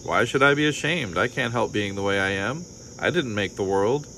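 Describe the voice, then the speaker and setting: A man voicing a sly, greedy male fox who talks in a smooth, mocking way. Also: lowish voice, animated, moderate pace, pushed and bright, slight background noise.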